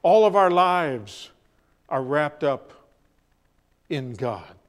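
A man preaching a sermon, telling stories and repeating phrases for emphasis, shifting between loud and hushed delivery. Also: a little high, big pitch swings. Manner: dramatic storytelling with pauses, acts out quoted voices.

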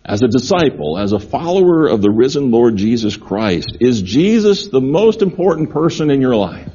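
A man's voice: medium pitch, sing-song, normal speed, dark tone, slightly rough, dull audio. A man preaching a sermon, earnest and repeating key phrases for emphasis. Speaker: pastor.

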